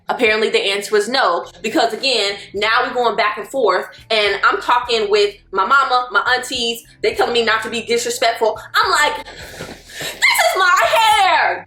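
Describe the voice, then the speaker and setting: A woman, telling a personal story as a vlogger in an animated, exasperated way. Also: fairly high pitch, reverberant. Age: 20s. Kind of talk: storytelling vlog.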